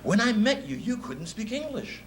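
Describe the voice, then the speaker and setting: A man voicing his excited old male childhood friend, who keeps insisting and repeating himself. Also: high voice, moderate pace, a little hiss or hum, pitched above the performer's own voice. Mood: emphatic.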